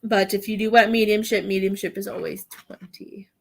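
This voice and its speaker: A woman's voice: medium pitch, fairly even intonation, moderate pace, vocal fry. A woman chatting casually with viewers on a livestream, rambling and laughing often as she offers readings. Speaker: psychic medium livestreamer.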